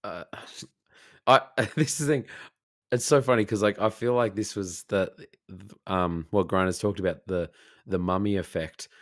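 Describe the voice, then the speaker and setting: A man's voice: lowish voice, normal speed, no room sound, studio quality. A man rambling enthusiastically in a casual film review chat. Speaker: podcast co-host.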